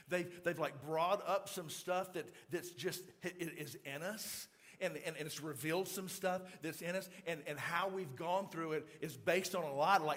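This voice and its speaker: A man preaching in a church, his voice high and bright. He tells his story with energy, stumbling over repeated words and acting out shouts as he goes. He swings between hushed, intimate moments and loud, lively stretches. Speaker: pastor. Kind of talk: sermon. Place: church auditorium.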